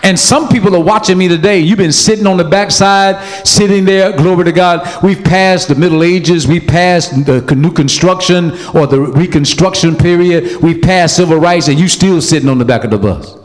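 A man preaching a sermon as pastor, emphatic and animated, calling out to the congregation. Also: high-pitched, moderate pace, few pauses, in a large hall.

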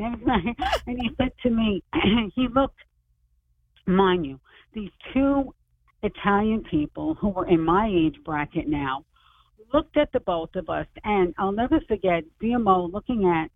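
A woman in her sixties calls in over a thin, tinny phone line, her voice at an ordinary middle pitch. She tells her story with animation, acting out the dialogue of the people she quotes. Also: animated, measured pace, no echo. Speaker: author and radio guest. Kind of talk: storytelling on a radio interview.

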